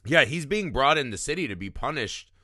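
A man co-hosting a casual film podcast, animated, acting out movie lines as he talks. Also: mid-range voice, fairly quick. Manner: animated, quotes movie lines in put-on voices. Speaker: podcast co-host.

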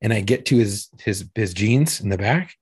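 A man's voice: fairly low pitch, animated, moderate pace, darkish tone, breathy edge, no room sound. A man, a police officer, telling a profane story in casual chat and acting out the quotes with animation.

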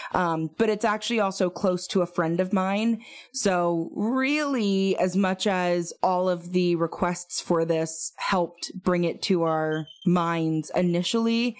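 A woman co-hosting a casual true-crime podcast, talking in a chatty way with lots of fillers and asides. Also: fairly low pitch. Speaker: podcast co-host.

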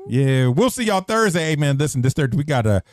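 Lively, joking male podcast host. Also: a little high, quick pace, no room sound, studio quality. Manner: loud, joking, swears freely. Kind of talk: casual chat.

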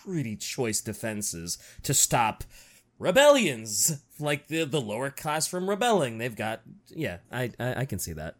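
A man's voice: mid-range voice, very animated, unhurried. A man in casual chat who reacts and jokes as he listens. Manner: joking and reactive.

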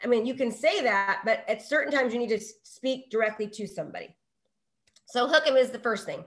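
A middle-aged woman coaches real estate agents during a live online session, speaking energetically and fairly quickly in a voice on the high side. She fills her talk with rhetorical questions and checks of "okay?".

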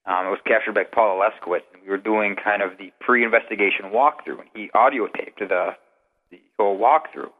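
A man with a somewhat low voice calls into a show as a guest investigator. He tells long, rambling anecdotes in an easy, conversational way. The sound is narrow and phone-like, with a long reverb trailing behind it. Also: fairly quick. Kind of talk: casual storytelling interview.

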